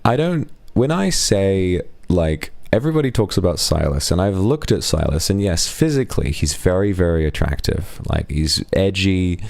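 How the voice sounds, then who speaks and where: A man's voice: low-pitched, expressive, normal speed, gravelly, hardly any pauses, darkish tone, no room sound. A young man streaming live, thanking donors and chatting frankly and playfully with his audience. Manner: frank, teasing banter with chat. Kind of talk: casual live-stream chat.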